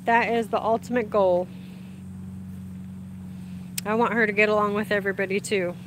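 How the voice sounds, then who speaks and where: A woman's medium-pitched voice, fairly even in intonation and at a normal speed, comes through over a noisy background. She's hosting a casual livestream outdoors in sunlight, talking with viewers on her phone and reading their comments. Her manner is chatty, with warm greetings and lots of laughter.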